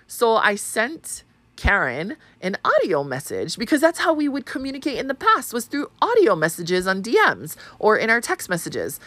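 A woman hosting a podcast, telling a story in an animated, profane, casual way and acting out the other people's lines. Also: on the high side, normal speed, no room sound. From Hawaii. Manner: animated, profane, acts out quoted voices. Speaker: podcast host.

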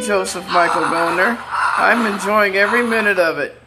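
A man's voice: sits high, moderate pace, heavy background noise. An older man talks in a rambling personal monologue, defiant and taunting, and he breaks into laughter now and then. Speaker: vlogger.

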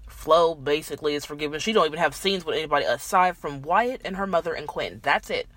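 A woman's voice: deep voice, animated, fast talker, a bit bright, no echo. A woman co-hosting a podcast, indignant and mockingly quoting characters in casual chat. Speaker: podcast co-host. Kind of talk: casual soap opera recap chat.

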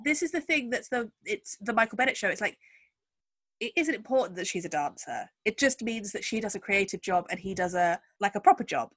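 A woman's voice: mid-range voice, lively intonation, a little fast, a bit bright, no echo. A woman hosting a podcast, telling a story in a chatty, wry way with lots of asides. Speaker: podcast host. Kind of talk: casual chat.

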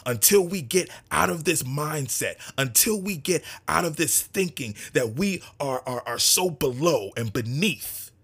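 In a mid-range voice that's a little bright and slightly rough, a man passionately addresses his community. His monologue is fervent and repetitive, moving from raised emphasis down to near-whispers.

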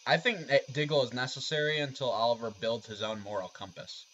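A man co-hosting a podcast, talking things through in a measured, steady way at a middling pitch. The recording is dull and lo-fi. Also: slight background noise. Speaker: podcast co-host. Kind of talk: casual podcast discussion. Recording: dull lo-fi audio.

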